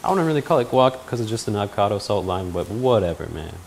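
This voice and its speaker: A man hosting a casual cooking vlog in a home kitchen, talking in a joking, self-mocking way with sudden loud outbursts. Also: on the low side, big pitch swings, fast, gravelly, slight background noise. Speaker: cooking video host.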